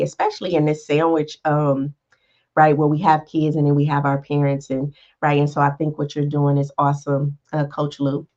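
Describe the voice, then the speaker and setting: Deep and warm, this woman's voice reaches us through a muffled recording. She's a life coach hosting a podcast, and her motivational monologue is casual and conversational, regularly checking in with "right?" and "all right".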